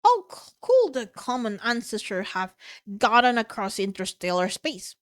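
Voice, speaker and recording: A woman's voice: on the high side, sing-song, unhurried. A woman voicing a condescending, dismissive female scientist while reading a novel aloud. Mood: scornful.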